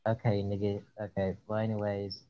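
A teenage boy co-hosting a gaming podcast, talking low and hesitant. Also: flat delivery, moderate pace, lo-fi sound. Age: teens. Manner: mumbling, hesitant, trails off. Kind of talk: casual gaming chat.

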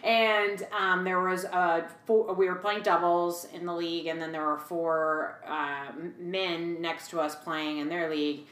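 Podcast co-host, woman, 40s, lowish voice, animated storyteller, echoey room. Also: unhurried, hardly any pauses. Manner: chatty, animated retelling with fillers and quoted voices. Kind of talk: casual chat.

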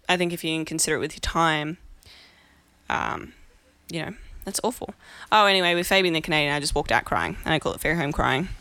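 A woman in her twenties with an Australian accent, hosting a podcast and telling stories in a blunt, chatty way with lively acted-out quotes. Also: on the low side, no echo. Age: 20s. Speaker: podcast host. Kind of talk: casual monologue.

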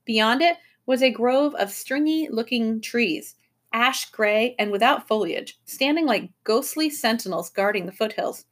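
Teacher lady reading a kids' chapter book aloud, lively and expressive, kinda high voice. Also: measured pace. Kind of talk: reading a children's novel aloud to a class.

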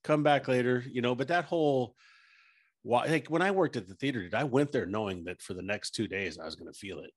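A man's voice: medium pitch, lively intonation, brisk, husky, dry recording, clean studio sound. A man in casual chat, telling blunt, profane stories about working security. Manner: blunt storytelling, heavy swearing.

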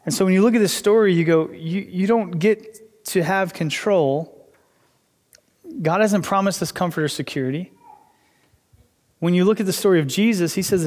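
A man's voice: fairly high pitch, darkish tone. A young adult male pastor preaching a casual, conversational sermon, acting out inner dialogues with God, in a church hall.

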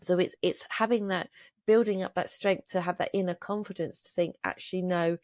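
Middle-aged woman guest, earnest and reflective, lowish voice, dry close sound. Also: steady tone, a little fast, darkish tone, no room sound. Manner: earnest, reflective, with frequent restarts. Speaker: guest, trauma coach and author. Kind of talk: casual interview conversation.

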